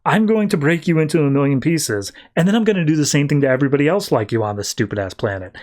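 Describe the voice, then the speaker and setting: A man's voice: fairly high pitch, expressive, fast, darkish tone, lightly acted. A man voicing an arrogant, hotheaded male superhero who talks brusquely and dismissively. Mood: angry.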